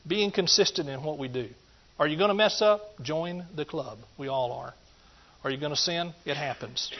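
A middle-aged man with a drawl preaches in a folksy, conversational way, with a fairly high voice. He punches his key points loudly, drops to quiet asides, and keeps checking in with the congregation. The recording sounds dull and lo-fi. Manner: folksy, swings between loud emphatic points and quiet asides, calls out to the listeners. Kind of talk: sermon.

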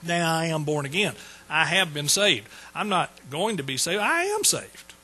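A man's voice: fairly high pitch, moderate pace, bright, forceful tone, slightly rough, rough recording. A man preaching a sermon in a folksy, joking way. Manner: folksy, joking asides to the congregation. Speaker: pastor.

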